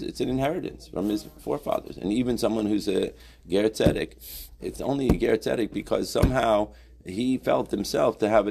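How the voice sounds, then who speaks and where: A middle-aged man leads a conversational Torah class, reading Hebrew source lines and explaining them in English, often tacking on "right?". His fairly low, dark voice carries vocal fry, with a little hiss or hum behind it.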